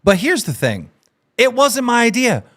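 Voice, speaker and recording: Brash, lively-pitched male stream host. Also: moderate pace. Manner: brash, profane, excitable. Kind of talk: casual streamer chat.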